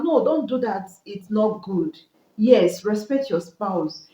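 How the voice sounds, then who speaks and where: Woman, mid pitch, earnest marriage-advice teacher, repeats key points, roomy dull recording. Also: expressive, takes it slowly, darkish tone. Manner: earnest, repetitive preaching cadence. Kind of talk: Christian relationship teaching.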